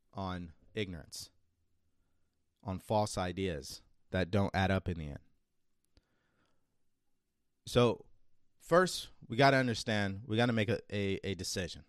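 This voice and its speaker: A man's voice: on the low side, no echo, studio quality. A man hosting a self-improvement show, giving an emphatic motivational monologue full of rhetorical questions. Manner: acts out a nagging inner voice. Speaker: self-improvement podcast host.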